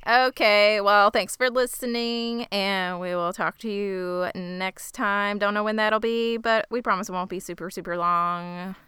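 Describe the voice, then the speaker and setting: A woman from the American South co-hosting a podcast in casual, jokey, animated chat. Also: medium pitch, a little slow, few pauses, smooth, dry recording, studio quality. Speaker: podcast co-host.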